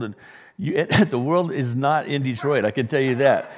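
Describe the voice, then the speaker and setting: A pastor from Southern California preaching a sermon, his middle-pitched voice ringing through a long-echoing hall. He jokes with the congregation, with loud bursts and trailing quiet asides. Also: normal speed.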